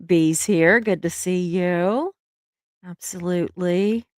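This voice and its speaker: Chatty Southern woman with a low voice. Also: dry recording, studio quality. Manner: chatty, laughs often, drawn-out words. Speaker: livestream host. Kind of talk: casual chat reading viewer comments.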